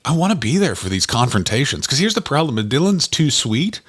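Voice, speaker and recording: A man co-hosting a casual comedy podcast, talking in excited, rambling bursts with swearing and sudden jumps up in pitch. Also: brisk, husky. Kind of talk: casual chat.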